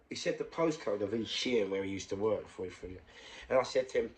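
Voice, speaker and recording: London bloke, rambling storyteller, low voice, drops to whispers. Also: male voice, fairly quick. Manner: rambling, emphatic, drops to a whisper when quoting himself. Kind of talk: casual storytelling monologue.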